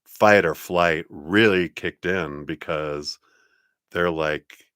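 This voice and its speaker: A man with a very low voice gives a live tarot reading. He talks in a chatty, loose way, laughing often and leaning on fillers. The sound is close and dry. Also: slow, a bit bright, clear, resonant tone, dry recording. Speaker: tarot reader.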